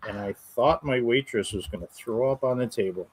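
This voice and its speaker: Man, Western New York accent, medium pitch, easygoing, casual talk. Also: normal speed, a little mellow, breathy edge, low-quality recording. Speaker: co-host. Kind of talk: casual live-stream chat.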